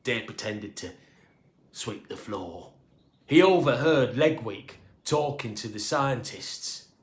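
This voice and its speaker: A man narrating a children's storybook in an expressive, playful manner. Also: medium pitch, slow. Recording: echoey room.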